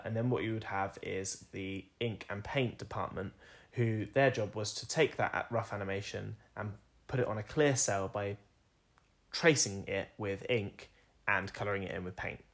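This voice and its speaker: A man's voice: fairly low pitch, normal speed, a bit bright. A young man co-hosting a podcast, chatting casually, explaining at length and laughing often. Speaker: podcast co-host.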